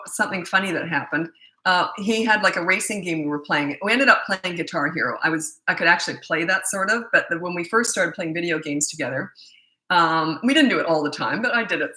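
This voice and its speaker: A chatty middle-aged woman coach answers parenting questions with casual stories and frequent laughs. Her voice is bright and forceful, sitting slightly low. The sound carries a roomy echo. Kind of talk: casual storytelling Q&A. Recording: echoey room.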